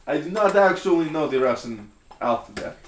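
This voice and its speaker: A man's voice: on the high side, a little fast. A young man co-hosting a casual live stream, joking around and reading chat aloud while painting. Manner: animated and jokey, reads chat aloud. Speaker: streamer co-host. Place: studio room being painted. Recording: roomy echo, faint noise.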